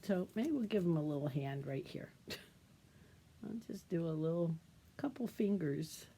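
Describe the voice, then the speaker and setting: Her voice on the low side and slightly rough, a middle-aged children's librarian leads a storytime craft demo in an unhurried, expressive way. She stays gentle, sing-song, and teacherly, asking the little ones questions.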